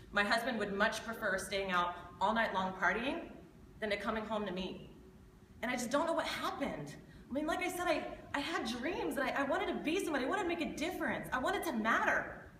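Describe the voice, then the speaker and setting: Woman as a tearful thirty-year-old waitress at her lowest; bright, pleading, echoey hall. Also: far from the mic, a little hiss or hum. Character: despairing 30-year-old waitress, unhappily married. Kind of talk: live stage monologue.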